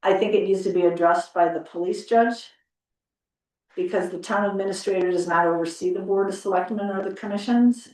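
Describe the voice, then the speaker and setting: A woman board member giving deliberate comments on the wording of a policy at a public meeting. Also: mid-range voice, a little mellow, echoey room, recorded from a distance, low-quality recording. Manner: deliberate, particular about wording.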